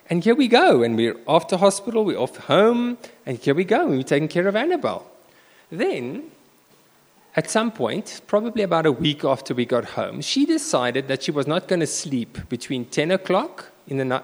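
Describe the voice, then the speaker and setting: Brief: animated male preacher, rather high voice that leaps about, long hall reverb. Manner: animated storytelling, swinging between loud bursts and hushed asides. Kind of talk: sermon with personal story.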